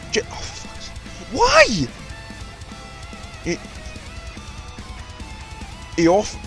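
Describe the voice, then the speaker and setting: Brief: man, game commentator, high-ish voice, excitable and sweary, faint music behind. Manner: excitable, profane, ranting. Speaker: commentator and show runner. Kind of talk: casual video game commentary.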